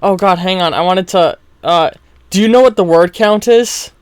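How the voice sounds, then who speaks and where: A man's voice: high-pitched, normal speed, smooth, no echo. A man narrating a role-play story as game master, often stumbling over words and laughing at himself. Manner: stumbling, self-mocking, chuckling.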